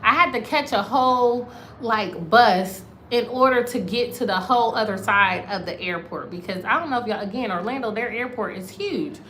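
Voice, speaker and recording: An American woman vlogging, telling a story to her viewers in a casual, animated way and calling them y'all. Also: fairly high pitch, normal speed, slight background noise. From United States. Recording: roomy echo, faint ambience.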